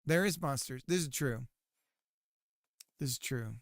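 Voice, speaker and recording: A man's voice: mid-range voice, a little slow, no room sound, studio quality. A man streaming live while working on his game, chatting casually and teasing his viewers. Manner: joking, teasing his chat.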